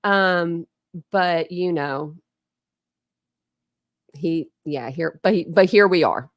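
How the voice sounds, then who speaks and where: A woman's voice: on the low side, slow pace, no room sound, studio quality. A woman from Ohio hosting a casual live stream, chatting loosely with viewers, rambling with many fillers and laughing often. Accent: Ohio with Philadelphia family influence. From Ohio, USA. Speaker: host of a live stream commentary channel.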